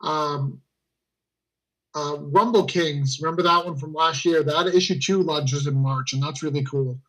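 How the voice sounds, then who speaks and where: Easygoing higher-voiced man co-host. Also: fairly even intonation, measured pace, fairly bright tone, rough recording. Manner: easygoing, hesitant with many ums. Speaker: podcast co-host. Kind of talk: casual chat.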